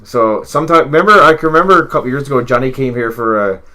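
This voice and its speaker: A man's voice: medium pitch, quick pace, sharp tone. A young man with a Newfoundland accent co-hosting a casual podcast, telling rambling, profane, joking stories. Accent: Newfoundland English. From Newfoundland, Canada. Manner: rambling, profane, jokey storytelling. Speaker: podcast co-host. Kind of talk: casual wrestling podcast chat.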